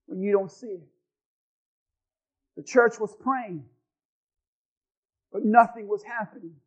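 Pastor, man, very high voice, fiery sermon with sudden drops to quiet, muffled lo-fi sound. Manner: swings from loud shouting to quiet asides. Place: church hall with congregation.

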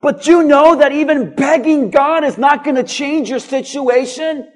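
High-voiced, slow-preaching man pastor. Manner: preaching with repeated rising calls, at times shouting. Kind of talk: sermon. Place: church.

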